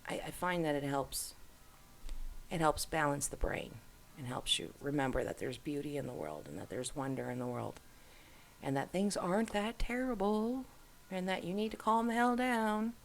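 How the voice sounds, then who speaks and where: Middle-aged woman host, low gravelly voice, rambling casual screen-share chat. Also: expressive, normal speed, slight background noise. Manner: rambling, musing aloud.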